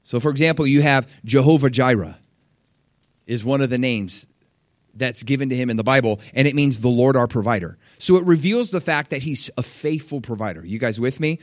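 A young man preaching a sermon in a conversational, animated way, acting out quotes and asking the congregation questions. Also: fairly quick, dry recording, studio quality. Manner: animated, conversational, acts out quotes with big pitch leaps.

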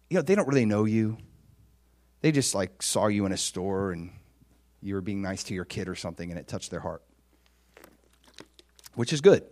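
A man preaching a sermon in a conversational, animated way, swinging from loud exclamations to hushed, near-whispered lines and acting out quoted voices. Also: fairly low pitch. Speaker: pastor.

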